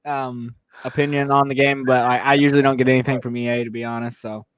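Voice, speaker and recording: A man's voice: medium pitch, flat delivery, fast, smooth. A man appearing as a guest on a gaming podcast, laid-back and hesitant, with many fillers. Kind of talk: casual gaming podcast chat.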